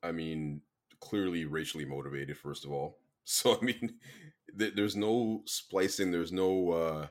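A man speaking as a podcast guest, relaxed and blunt in a casual chat. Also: deep voice, a little slow. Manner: relaxed and blunt, laughs easily.

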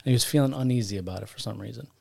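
A man's voice: mid-range voice, rapid-fire, gravelly, a little mellow, breathy edge, no room sound. Casual rambling podcast storyteller man. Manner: rambling, self-correcting, jokey. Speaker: podcast co-host. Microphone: studio podcast mic.

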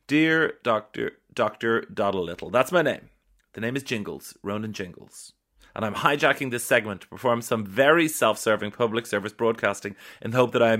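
An Irish man with a mid-pitched voice hosts a comedy podcast. He reads listener emails aloud in a dry, playful way and keeps breaking off to joke about them. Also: fairly bright tone. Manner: wry, playful, stops to riff on what he reads. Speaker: podcast host. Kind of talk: comic podcast monologue reading listener emails.

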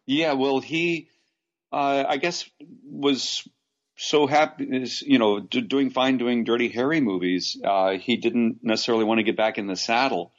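A man's voice: medium pitch, unhurried. Rambling man telling showbiz stories, lo-fi. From Los Angeles. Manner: rambling, frequent restarts and animated asides. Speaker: actor guest. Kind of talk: casual interview anecdotes.

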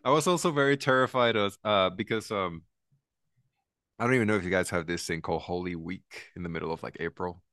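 A man's voice: low-pitched, brisk, a bit bright, no echo, studio quality. A man from Latin America co-hosting a podcast, laughing easily and adding quips in a casual chat about films. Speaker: podcast co-host.

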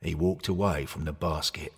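Husky, wry male storyteller. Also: very deep voice, normal speed, no echo, studio quality. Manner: wry, deadpan, detailed. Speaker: narrator. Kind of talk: comic storytelling narration.

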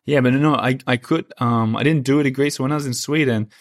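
A man's voice: medium pitch, steady tone, quick pace, dry recording, clean studio sound. A young man from Australia, a podcast guest, chatting casually and self-deprecatingly with frequent restarts. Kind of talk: casual interview chat.

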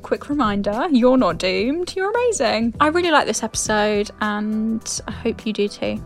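Young woman podcast co-host, slightly high voice, giggly teasing banter. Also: lively intonation, moderate pace, soft background music. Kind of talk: casual chat.

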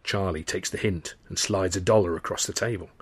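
Low, husky male storyteller. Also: a little fast. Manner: relaxed storytelling in a conversational, anecdotal tone. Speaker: author reading his novel. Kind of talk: audiobook narration.

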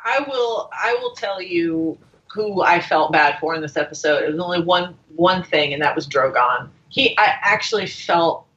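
A woman's voice: fairly low pitch, animated, moderate pace, fairly bright tone. A woman guest on a podcast, chatting casually and animatedly, laughing often and acting out quotes. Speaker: guest TV editor. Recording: dull lo-fi sound.

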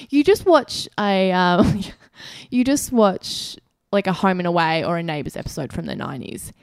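Frank Australian woman, lowish voice. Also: lively intonation, measured pace, smooth, no room sound, clean studio sound. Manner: frank, opinionated, laughs easily. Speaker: podcast co-host. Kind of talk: casual TV review chat.

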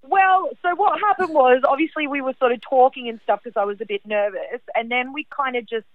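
A fairly high-voiced woman comes through a tinny, narrow phone line as she tells a personal story. She talks in an animated, chatty way, packing her sentences with fillers. The line sounds dry and close, with no room around her. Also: brisk, no room sound. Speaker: caller sharing a personal story. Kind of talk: casual storytelling.

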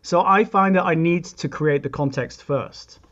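Man, composer guest, thoughtful explaining, slightly high voice, dull lo-fi sound. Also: a little slow, fairly bright tone. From England. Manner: thoughtful, reflective, with frequent restarts and asides. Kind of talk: explanatory interview talk.

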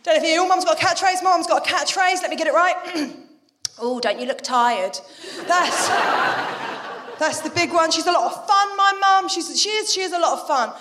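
A woman's voice: very high-pitched, fairly quick, sharp tone, big-room sound. A British woman in her thirties performing a live, chatty stand-up routine and breaking into character voices. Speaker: stand-up comedian.

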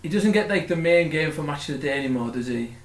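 A man co-hosting a casual football podcast, chatting excitably and laughing often. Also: fairly high pitch, quick pace. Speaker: podcast co-host. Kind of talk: casual chat. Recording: echoey room.

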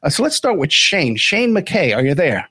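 A man's voice: a little high, big pitch swings, normal speed, pushed and bright, husky, dry recording. Chatty male podcast host, dry sound. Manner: chatty, folksy, many fillers. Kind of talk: casual interview chat.

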